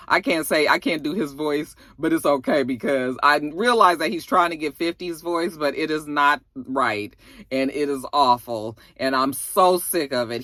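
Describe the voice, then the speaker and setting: A woman recapping a TV episode in a sassy, expressive, slangy casual style. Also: sits low, dry recording, studio quality. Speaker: TV show reviewer.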